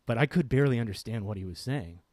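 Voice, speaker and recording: A man's voice: mid-range voice, warm tone, no room sound, clean studio sound. A middle-aged man hosting a podcast, telling a personal story in an earnest, reflective way that often stops and restarts. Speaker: podcast host.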